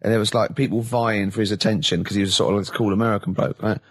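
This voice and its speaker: A man's voice: lowish voice, fairly even intonation, quick pace, husky. A man hosting a radio show, teasing his co-hosts with mocking interruptions. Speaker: radio host. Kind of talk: casual radio chat.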